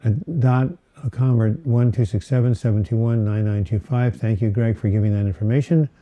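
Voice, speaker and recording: A man's voice: lowish voice, fairly even intonation, brisk, lo-fi sound. A man hosting a casual live-stream Q&A, reading viewer questions aloud and rambling with many fillers and restarts. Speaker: host of a live mental health Q&A. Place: home setting, Portland.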